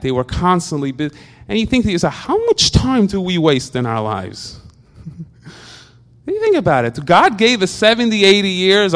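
A man giving an informal religious talk, full of rhetorical questions, often stuck repeating a word before going on. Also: high-pitched. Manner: repetitive stammering restarts, animated rhetorical questions.

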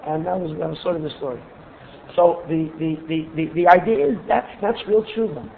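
A man giving a religious lesson full of stories, pausing and repeating words as he searches for his phrasing. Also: fairly high pitch, vocal fry. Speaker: religious teacher. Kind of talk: Torah lesson with storytelling. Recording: tinny phone-like recording, faint hiss.

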